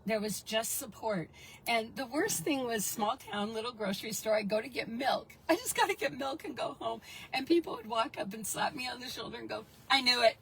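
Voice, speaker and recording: A middle-aged woman shares her own story in an interview, her voice sitting a little high. She talks animatedly and slips into the voices of people she quotes. A faint hiss runs under the recording. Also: animated, a little fast, gravelly, poor audio. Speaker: guest.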